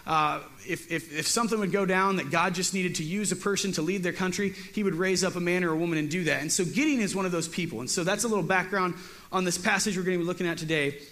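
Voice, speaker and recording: A man's voice: sits high, quick pace, fairly bright tone. A man teaching a casual Bible lesson as a youth pastor. He is chatty and joking and often repeats his words.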